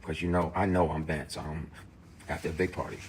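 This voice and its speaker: A man's voice: extremely low pitch, flat delivery, brisk, slight background noise. A man, an actor, speaking straight to camera in an emphatic, profane, heated rant. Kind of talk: impassioned direct-to-camera rant.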